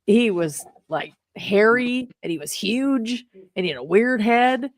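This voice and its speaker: A woman's voice: fairly high pitch, animated, measured pace. A middle-aged woman co-hosting a casual chat, telling stories in an emphatic, chatty way. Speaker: podcast co-host.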